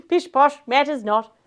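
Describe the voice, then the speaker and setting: A woman reading a silly fairytale aloud for kids in a garden, with playful asides to her young audience. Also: sits high. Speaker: children's storyteller. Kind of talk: read-aloud storytelling for kids. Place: outdoors in a garden.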